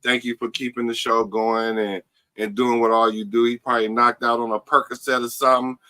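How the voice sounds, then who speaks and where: A man's voice: medium pitch, little pitch movement, a little fast, bright, forceful tone. A man joining a podcast as a guest panelist, talking in a laid-back, joking way. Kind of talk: casual podcast chat.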